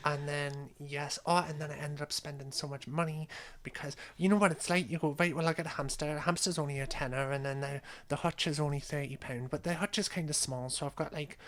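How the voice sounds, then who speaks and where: A woman's voice: deep voice, fairly even intonation, fairly quick, hardly any pauses. A young woman, chatting casually and swearing freely as a podcast co-host. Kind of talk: casual chat.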